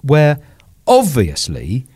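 A man in his sixties, an author chatting as a guest, telling stories with lively swings and acted-out quotes. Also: mid-range voice, very slow, husky, no echo, studio quality. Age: 60s. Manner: animated storyteller, acting out quoted voices. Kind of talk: casual interview chat.

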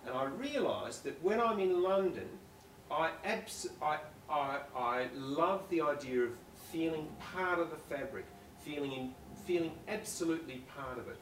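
A man's voice: on the high side, animated, normal speed, a little hiss or hum. Rambling Australian man in a roomy hall. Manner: enthusiastic, rambling, restarts and self-interrupts mid-thought. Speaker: children's author, guest speaker. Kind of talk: live on-stage conversation. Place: school hall before an audience. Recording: roomy and distant with faint ambience.

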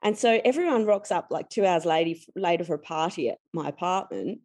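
A woman's voice: fairly low pitch, expressive, brisk, darkish tone. A woman in her forties with an Australian accent, a podcast guest telling personal stories candidly, laughing often and acting out quotes. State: tired.

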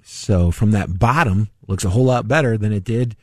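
A man's voice: on the low side, normal speed, no echo, clean studio sound. A male radio host with a voice he says he is losing, chatting loosely about the stock market, rambling and correcting himself as he goes. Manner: rambling, self-correcting, chuckling. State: losing his voice. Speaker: radio show host, financial adviser. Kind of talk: casual talk radio commentary.

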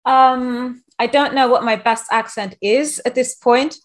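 A woman's voice: fairly high pitch, steady tone, measured pace. A woman from New York City hosting a casual podcast, talking in a brash, rambling, jokey way full of likes. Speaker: podcast host.

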